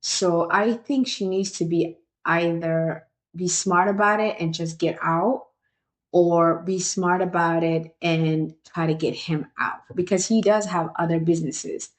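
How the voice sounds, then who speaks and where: Young woman doing a casual reality tv recap, slightly low voice, animated and opinionated, lots of "what?". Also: measured pace. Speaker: reality show recap host. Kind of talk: casual review vlog.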